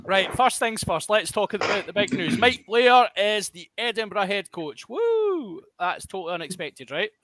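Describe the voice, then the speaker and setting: A man's voice: high-pitched, moderate pace, hardly any pauses, pushed and bright, no room sound. A Glaswegian man hosting a podcast in casual chat, jokey and self-mocking. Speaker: podcast host.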